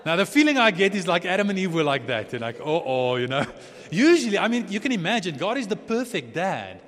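A man preaching a sermon in a relaxed, chatty way, often restarting and chuckling. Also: high voice, fast. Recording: long hall reverb.

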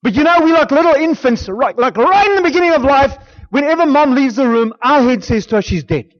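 High-voiced preacher, dramatic hush. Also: male voice, expressive, fast, muffled recording. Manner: dramatic, swings from emphatic to hushed near-whispers. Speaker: pastor. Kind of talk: sermon.

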